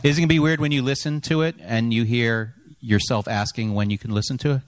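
A man's voice: mid-range voice, fairly even intonation, fast. A man hosting a live comedy podcast on stage, teasing his guests in a dry way. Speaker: podcast host. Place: on stage before a live audience.

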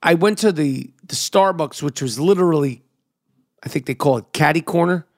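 On the podcast he hosts, a middle-aged comedian from New York City delivers a brash, profane, riffing monologue in his New York accent. His pitch is fairly high and his pace moderate, with no room sound and clean studio audio.

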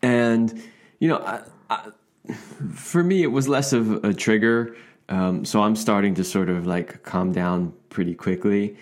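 A man co-hosting a relationship podcast, telling a personal story in a casual, animated way and laughing often. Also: lowish voice, measured pace. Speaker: podcast co-host.

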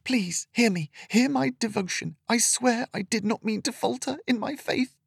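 A man voicing a frightened, devout young village woman with a thin, raspy voice, pleading in a panic. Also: very high voice, normal speed, dry recording, studio quality, pitched above the performer's own voice, full character voice. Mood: panicked pleading. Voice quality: thin rasp.

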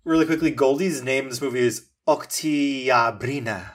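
A man co-hosting a film review podcast, rambling in an animated way and cursing freely. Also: medium pitch, moderate pace. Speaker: podcast co-host. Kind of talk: casual film review chat.

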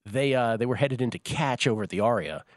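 A man's voice: mid-range voice, fast, no echo. A man hosting a sports betting show, chatting casually in a studio and often correcting himself mid-sentence. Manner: rambling, self-correcting storyteller.

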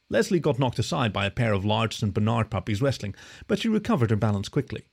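A man reading a story aloud as narrator, in an expressive, animated way. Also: fairly low pitch, fast, vocal fry, few pauses, breathy edge. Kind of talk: scripted narration.

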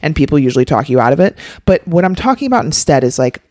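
Woman podcast co-host, lively pitch swings, emphatic, casual filler-heavy talk. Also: fast, no room sound, clean studio sound. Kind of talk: casual coaching chat.

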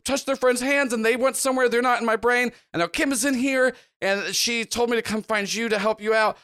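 A man's voice: extremely high pitch, steady tone, fairly quick, fairly bright tone, clean tone, dry recording, clean studio sound, voice pushed up. Man putting on a chirpy young girl voice. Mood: flustered. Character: young girl hosting a trapped mind, chatty.

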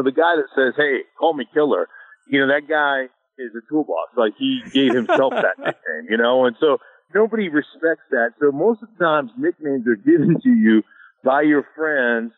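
This mid-range male voice belongs to a middle-aged Alaskan and ex-pro football lineman, recounting stories during a casual interview with no room sound. It's a tinny, dry phone line, and his manner is easygoing, with chuckles and plenty of "you know."

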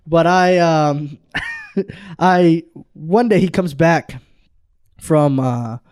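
A man's voice: a little high, drawn-out words, darkish tone, smooth. A young man telling work stories in a casual chat, laughing often.

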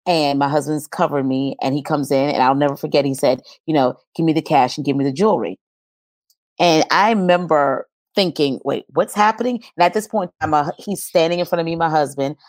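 A woman with a low-pitched voice recounts a personal experience in an earnest, storytelling way. The sound is dry and close, with no room around it. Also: no echo. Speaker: guest. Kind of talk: personal testimony in an interview.

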